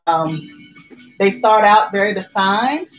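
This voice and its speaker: A woman's voice: medium pitch, animated, slow pace, lo-fi sound. A woman hosting a casual live painting class at home, chatty and upbeat, laughing often. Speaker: painting instructor and live stream host. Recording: roomy sound from a distant mic with faint music.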